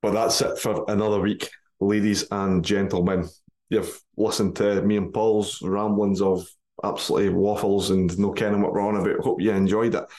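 Laughing Scottish podcast host, low voice. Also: male voice, little pitch movement, moderate pace, a little mellow. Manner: jokey, laughs often, broad dialect words. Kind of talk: casual football podcast chat.

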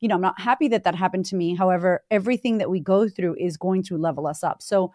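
A woman, a confidence coach guesting on a podcast, telling stories in an animated way and acting out quotes. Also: fairly low pitch, fast, dry recording, clean studio sound. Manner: animated storyteller, acts out quotes. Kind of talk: casual podcast interview.

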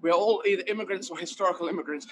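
A comedian talks in a lively, emphatic rush, circling back on his phrases. His voice sits high for a man. Steady outdoor noise runs under everything. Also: very fast, poor audio. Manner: animated, emphatic, rambling asides. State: running while talking. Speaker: guest comedian. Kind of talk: conversational interview.

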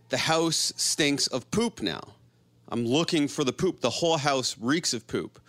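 A man telling a story in a casual, animated, profane way, often laughing as he goes. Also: mid-range voice, no room sound. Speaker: podcast host telling a story.

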